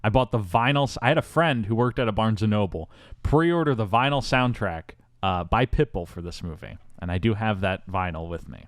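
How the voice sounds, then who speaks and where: A fairly low-voiced man hosting a casual podcast, his pitch swinging widely as he tells a story with mock-epic grandeur. The sound is close and dry, with no room behind him. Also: lively intonation, a little fast, no room sound. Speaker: podcast host.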